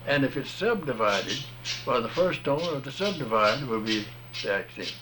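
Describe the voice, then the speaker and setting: A plain-spoken man talks through a point step by step, in a folksy, patient manner. His voice sits at an ordinary middle pitch. A faint hiss and some outdoor ambience sit behind him. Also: lively intonation, normal speed. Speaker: music teacher explaining rhythm. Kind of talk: casual explanation.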